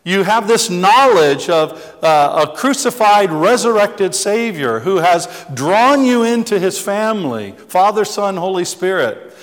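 A man's voice: sits high, big pitch swings, measured pace. Man preaching, echoing church hall. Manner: chatty, self-deprecating storyteller with many restarts. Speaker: pastor. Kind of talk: conversational sermon with humor. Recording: long hall reverb.

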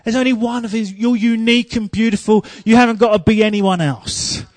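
A man preaching a sermon, telling humorous stories and growing loud and emphatic. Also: high-pitched, fairly even intonation, a little fast, no room sound.

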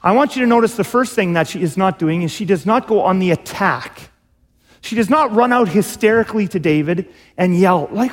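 High-voiced preacher in a reverberant hall. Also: male voice, lively intonation, fairly quick. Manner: conversational, asks listeners questions, acts out quotes. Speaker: pastor. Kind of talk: sermon.

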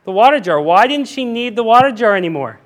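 A male pastor preaching a sermon, animated and emphatic, often repeating himself as he explains scripture. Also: sits high, quick pace.

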